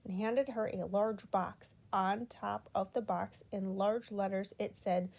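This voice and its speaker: A woman reading a children's storybook aloud in an expressive, unhurried way. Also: mid-range voice, gravelly. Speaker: children's book reader.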